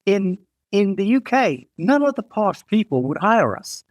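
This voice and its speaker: A blunt, amused British woman designer, as a man puts her on while telling a story. She talks emphatically, in a voice set clearly higher than the teller's own, and the recording is close and dry. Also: sing-song, a little slow, no echo. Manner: emphatic quoted retelling.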